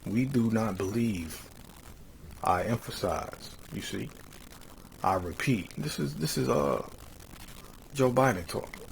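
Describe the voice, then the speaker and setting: Gravelly low-voiced man, animated commentary. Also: slight background noise, rough recording. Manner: reads quotes slowly, then rises into heated mocking rants; drawls "man" at phrase ends. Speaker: religious commentator. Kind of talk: casual commentary reading from a website.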